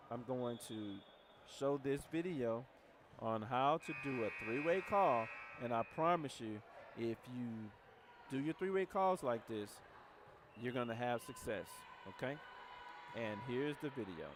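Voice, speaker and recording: A man's voice: medium pitch, animated, unhurried, background noise. A man leading a motivational team training talk, blunt and direct, telling his team how to handle calls. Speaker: team leader.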